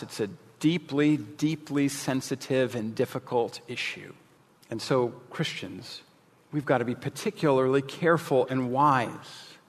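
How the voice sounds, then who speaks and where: A man's voice: medium pitch, in a large hall. A male pastor giving a sermon, candid and jokey, with emphatic asides.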